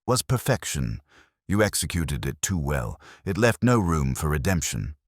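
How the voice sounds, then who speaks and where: An aloof, exacting detective, read by a man speaks in a very deep, husky voice with lively rises and falls. Every word is measured and dryly formal. The sound is close and dry. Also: no room sound, heavily acted. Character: stout, aloof male genius detective, older. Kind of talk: audiobook character reading.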